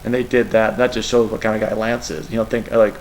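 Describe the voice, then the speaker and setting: A man's voice: lowish voice, level tone, fast, a little mellow, a little hiss or hum, low-quality recording. A middle-aged man, a college football coach, answering press questions in an emotional, rambling way. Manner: emotional, rambling, tearful at times.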